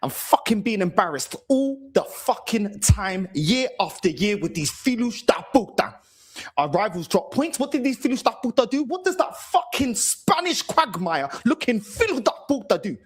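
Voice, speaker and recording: A husky-voiced man unloads an angry post-match rant, swearing freely and jumping between two languages. His pitch swings widely as he vents. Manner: furious, swearing, switching between Portuguese and English. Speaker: fan channel host.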